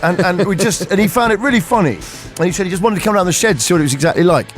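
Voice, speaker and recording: A man's voice: sits high, racing, soft background music. A man hosting a radio show, telling rambling anecdotes in casual chat. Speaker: radio host.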